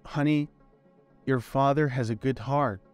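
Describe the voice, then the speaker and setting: A man voicing a frail, forgiving mother who speaks softly and reassuringly. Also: medium pitch, a little slow, clean tone, faint music behind, natural voice. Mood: tender. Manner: soft, reassuring.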